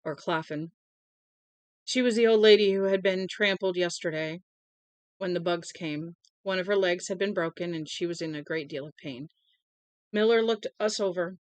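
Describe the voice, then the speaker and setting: A woman reading a novel aloud in a plain, unhurried way, with small slips, into a close mic at home. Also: fairly low pitch, no room sound. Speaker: audiobook reader.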